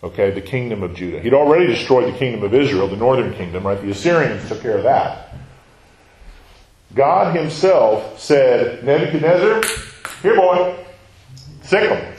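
A man's voice: mid-range voice, animated, normal speed, a little mellow, slight background noise. Preacher man in an echoey room. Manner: teaching, asks the listeners questions; acts out quoted lines, drops to a near whisper. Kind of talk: sermon.

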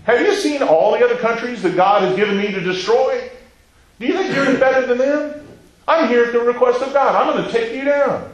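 Boastful ancient warlord voiced by a man, high and shouty, menacing taunts, echoing hall. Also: expressive, fast, natural voice. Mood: taunting. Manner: hollering taunts. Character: boastful ancient male army general, threatening.

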